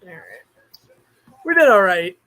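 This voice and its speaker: High-voiced chatty male streamer. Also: unhurried, low-quality recording. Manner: chatty, thinks aloud, bursts of excitement. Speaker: streamer host. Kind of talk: casual livestream chat.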